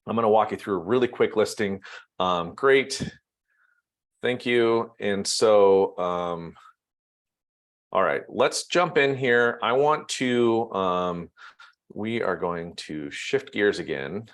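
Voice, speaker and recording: A man's voice: fairly low pitch, slow pace. Man thinking aloud in an online training. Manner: casual, thinks aloud with many ums while typing. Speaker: real estate trainer. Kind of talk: live online training session.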